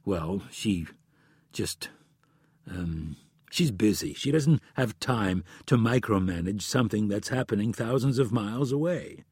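A man voicing an evasive male operative husband in an audiobook, speaking low in a hedging, placating way. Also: expressive, measured pace, a little mellow, slightly rough, no echo, studio quality.

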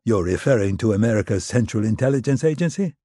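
A man's voice: lowish voice, animated, fast talker, mellow, slightly rough, dry recording, clean studio sound. A man voicing a guarded, formal corporate attorney who probes dryly, in an audiobook.

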